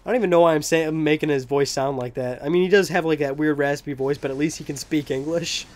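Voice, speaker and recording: Young man, gameplay commentary, rambling, joking, profane, a bit high-pitched. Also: fairly even intonation, fast, a little mellow. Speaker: let's play commentator.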